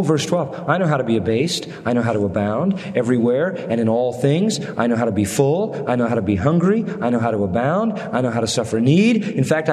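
A man preaching a sermon at a middle pitch, with his voice leaping up on questions and sinking low and soft for sad stories. His words ring out in a large hall with a long tail of reverb.

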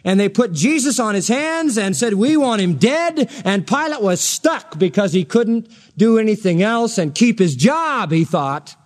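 A man with a high, bright-toned voice preaches a sermon. He acts out the people he quotes, swinging his pitch up and down for drama. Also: animated, a little slow, hardly any pauses. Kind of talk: expository sermon.

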